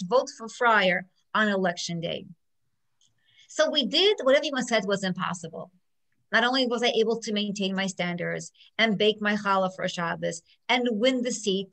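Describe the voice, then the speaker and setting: A woman's voice: mid-range voice, rough recording. A middle-aged woman who is a judge, giving an inspirational talk full of stories and acting out what people said. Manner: animated storyteller who acts out quotes.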